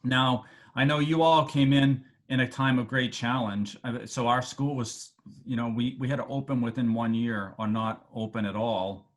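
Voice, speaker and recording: A man with a Boston accent giving a halting speech over a video call to alumni, with many fillers and restarts. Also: medium pitch, fairly even intonation. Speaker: medical school dean addressing alumni.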